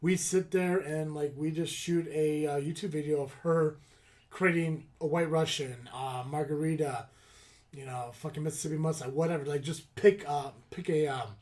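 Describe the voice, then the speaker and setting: A man's voice: fairly high pitch, steady tone, moderate pace, darkish tone. A man hosting a podcast, talking in a loose, rambling way with many fillers and restarts. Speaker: podcast host. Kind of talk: casual chat.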